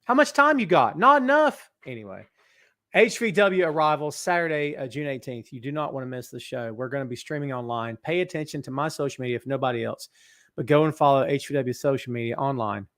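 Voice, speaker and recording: A man's voice: medium pitch, fast talker. A man hosting a live wrestling talk show from his office on a podcast mic, joking around and reading viewer comments aloud. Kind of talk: live-stream chat with viewers. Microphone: podcast microphone setup.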